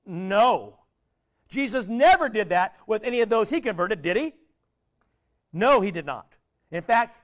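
Man, pastor, very high-pitched, sermon, questions to the congregation, soft trailing phrase endings. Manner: asks the congregation many questions, conversational preaching; drops voice low and quiet at ends of phrases.

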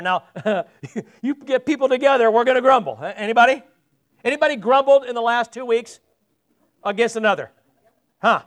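A man's voice: very high voice, moderate pace, pauses often, a bit bright. A man preaching a sermon as pastor, chatting with the congregation and putting questions to them. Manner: conversational, asks the congregation questions. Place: church sanctuary.

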